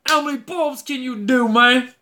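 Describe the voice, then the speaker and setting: A big, brash Southern Army recruiter, as a man puts him on, booms out in a hearty, buddy-buddy drawl. The voice sits high and sounds bright and forceful. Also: normal speed. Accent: American Southern, put on.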